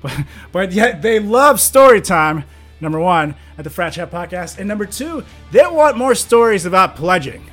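A man's voice: high voice, very animated, moderate pace, fairly bright tone, soft background music. A man co-hosting a comedy podcast, joking sarcastically and mock-seriously. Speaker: podcast co-host. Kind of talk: casual comedic banter.

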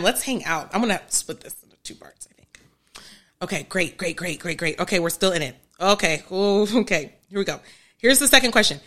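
A woman's voice: lowish voice, brisk, pushed and bright. A woman hosting a live question-and-answer advice show as a therapist, talking casually, repeating key phrases for emphasis and adding chatty asides. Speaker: podcast host and therapist.

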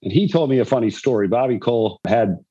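A man's voice: mid-range voice, expressive, fast talker, warm tone, breathy edge, dull audio. An older man, a former pro golfer, telling rambling anecdotes about fatherhood in a conversation. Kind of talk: storytelling in a conversation.

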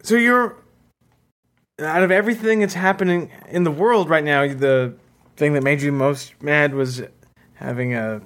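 A man's voice: a little high, a little slow, fairly bright tone. A man co-hosting a comedy podcast, speaking in a sarcastic, incredulous way. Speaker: podcast co-host.

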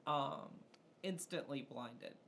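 A game master narrating a tabletop game in a relaxed, casual way, with many fillers. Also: mid-range voice, slow, gravelly, slight background noise.

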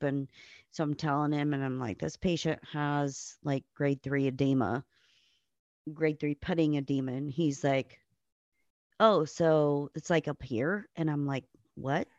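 A woman's voice: low-pitched, darkish tone, no room sound, lo-fi sound. A nurse, a woman guest on a podcast, telling blunt stories full of swearing and acting out the people she quotes. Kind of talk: casual storytelling on a podcast.

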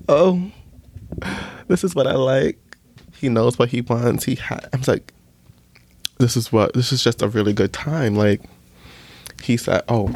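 Gravelly low-voiced man telling a casual story. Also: a little mellow, no echo. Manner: chatty, candid, full of "like" fillers; acts out his own reactions in quotes.

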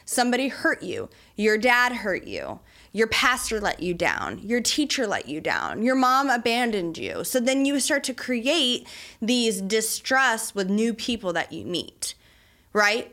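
Chatty woman hosting a faith podcast. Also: mid-range voice. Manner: chatty, animated, faith-based reflection. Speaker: podcast host. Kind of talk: casual solo podcast talk.

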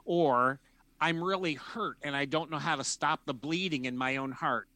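A male counselor explains his method in a slightly higher, bright voice. He talks in a measured, thoughtful way and slips into acted-out snippets of conversation. The sound is close and dry, with no room around it. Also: dry recording. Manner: acts out imagined dialogues in different voices.

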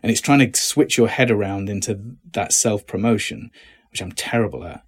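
British guy in his middle years, kinda low and husky, easygoing chat as a guest. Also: normal speed. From Britain. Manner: relaxed, self-deprecating, many restarts. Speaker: actor, interview guest. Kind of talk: casual interview chat.

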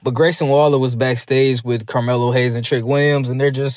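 A man's voice: medium pitch, flat delivery, dry recording, clean studio sound. A man giving a casual, rambling recap review of a wrestling show, chatting loosely with lots of asides. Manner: rambling, chatty, slips into quick mock voices.

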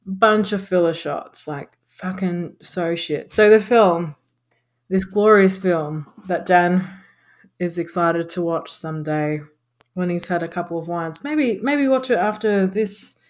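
A woman's voice: fairly low pitch, a little slow. A woman co-hosting a podcast, reviewing a bad film in a casual, sarcastic way and swearing freely. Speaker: podcast co-host.

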